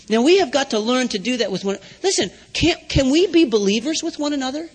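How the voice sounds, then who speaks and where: A man's voice: very high voice, expressive, fairly quick, hardly any pauses, slightly rough. A man preaching a sermon, teaching step by step and checking in with his listeners with questions. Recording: hall reverb.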